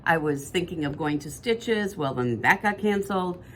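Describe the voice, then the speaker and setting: A woman's voice: on the low side, animated, moderate pace, fairly bright tone, slight background noise. A woman, co-hosting a podcast in casual chat that rambles and corrects itself as she goes. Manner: chatty, rambling, self-correcting. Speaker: podcast co-host.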